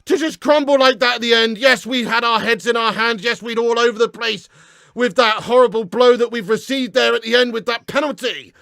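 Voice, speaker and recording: A young Englishman rants furiously into the camera, swearing constantly and breaking into shouts. His voice sits very high and strained, with a gravelly, crackling edge and a bright, sharp tone. The sound is dry and close. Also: steady tone, a little fast, no echo. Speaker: fan reaction host. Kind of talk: ranting reaction video.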